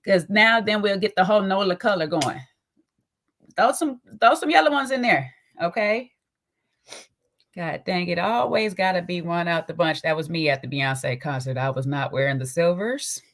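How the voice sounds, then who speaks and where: A woman riffs on a casual livestream, her voice sitting a little low. She is sassy and talkative, greeting her chat by name and tagging on "okay?" as she goes. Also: lively intonation, normal speed, a bit bright. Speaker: livestream host.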